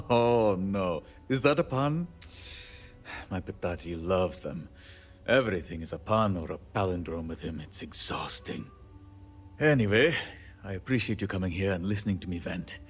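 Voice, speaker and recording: A man's voice: low-pitched, expressive, moderate pace. An actor voicing a middle-aged male handyman in video game dialogue, wry and rambling, laughing at himself. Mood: wistful. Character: weary, punning, self-deprecating male station handyman.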